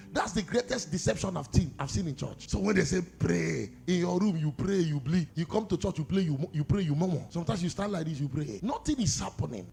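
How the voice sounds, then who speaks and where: A man with a Nigerian accent preaching a sermon, dropping to low murmurs and then shouting, calling out to his listeners for responses. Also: expressive, brisk, vocal fry, few pauses.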